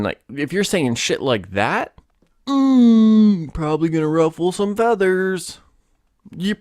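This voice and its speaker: A man hosting a solo podcast, ranting in a casual, profane and animated way. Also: on the high side, dry recording, clean studio sound. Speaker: podcast host.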